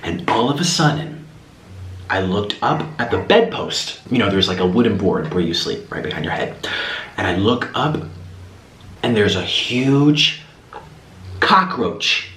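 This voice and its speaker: Animated man telling a rambling story. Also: lowish voice, unhurried, long pauses. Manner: animated, rambling, with many restarts. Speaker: mukbang vlogger. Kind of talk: casual storytelling while eating. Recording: roomy echo, faint background hiss.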